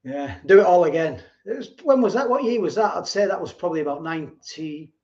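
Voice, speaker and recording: A man's voice: high-pitched, animated, brisk, darkish tone. Rambling man on a lo-fi livestream. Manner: rambling, repeats himself, chuckles often. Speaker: livestream host. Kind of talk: casual live chat reading viewer comments. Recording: dull lo-fi stream audio.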